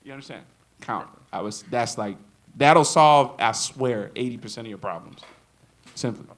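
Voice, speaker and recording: A man's voice: medium pitch, moderate pace. A man giving a live drum clinic to an audience. He jokes, laughs often and acts out quotes. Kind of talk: live workshop talk and Q&A.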